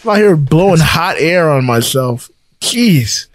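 A man on a casual podcast tells a story in a voice that climbs and falls a lot and sits a bit high. He swears freely and laughs often. The sound is dry and close. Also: expressive, a little slow, dry recording. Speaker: podcast co-host. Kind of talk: casual chat.

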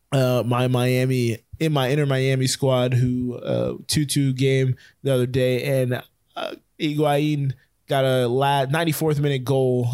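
Fast-rambling man on a sports podcast. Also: medium pitch, a little mellow, no echo, clean studio sound. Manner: rambling, self-correcting, fast-talking. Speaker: podcast co-host. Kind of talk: casual sports chat.

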